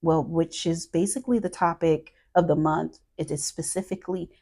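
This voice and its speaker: A woman's voice: low voice, fairly even intonation, moderate pace, warm tone. A woman hosting a podcast in casual chat, thoughtful and searching for her words as she talks. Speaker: podcast host.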